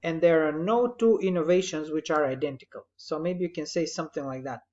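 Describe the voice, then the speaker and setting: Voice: medium pitch, fairly quick, highs cut off. A teacher patiently talking through corrections on a student's written summary. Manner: patient, explanatory, gently correcting. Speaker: English writing teacher.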